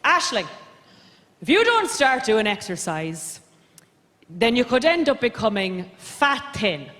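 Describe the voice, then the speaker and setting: An Irish woman putting on the voice of her fretful, nagging middle-aged Irish mother, lecturing in a shrill singsong. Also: sing-song, slow, a bit bright, exaggerated voice. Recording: reverberant live theatre recording.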